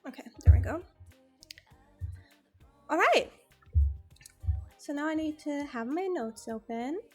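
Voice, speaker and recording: A woman's voice: high voice, brisk, mellow, soft background music. A young woman streamer with a slight lisp from a retainer, chatting casually and rambling through a storytime, swearing freely.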